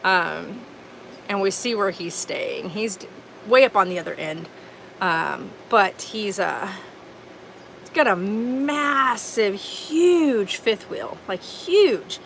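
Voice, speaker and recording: A woman's voice: medium pitch, expressive, slow, gravelly, slight background noise, poor audio. Earnest, indignant woman vlogging outdoors. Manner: earnest, indignant, rambling with fillers. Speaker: homestead vlogger. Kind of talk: casual storytelling vlog. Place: outdoors at an RV park.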